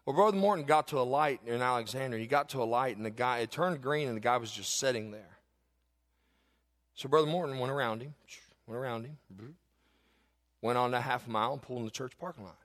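A man preaching a sermon as a pastor, telling a personal story and building to fervent, shouted exhortation. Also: mid-range voice, a little fast, in a large hall.

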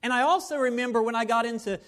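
A man's voice: very high voice, quick pace, a bit bright. A pastor, a man, preaching a sermon to a live congregation in a playful, repetitive, conversational way. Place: church service before a live congregation.

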